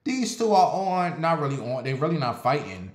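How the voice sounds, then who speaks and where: A man casually telling a personal story on his vlog, animated and profane, with sassy asides. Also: medium pitch, normal speed, reverberant.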